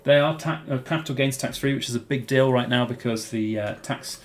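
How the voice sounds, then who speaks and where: A man's voice: medium pitch, a little fast, slight background noise. A British man hosting a casual live-stream Q&A, answering viewers' chat questions in a rambling way with plenty of "um" and "uh". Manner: rambling, many fillers and restarts.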